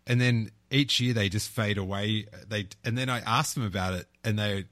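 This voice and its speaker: A man's voice: fairly low pitch, steady tone, a bit bright, no room sound. Podcast host, man, chatty, stumbles and restarts, dry room. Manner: halting, restarts a lot, laughs easily. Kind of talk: casual chat.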